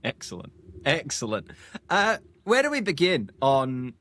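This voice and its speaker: An excitable male podcast co-host in casual chat, with a jokey, lively banter manner. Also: a little high, measured pace.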